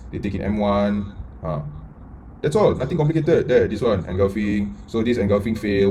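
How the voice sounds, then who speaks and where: Man, trading mentor, quick, dark tone, blunt, profane, rhetorical questions, loud bursts and mutters. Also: medium pitch, a little hiss or hum. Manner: lively, swings between loud and muttered. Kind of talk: live trading lesson.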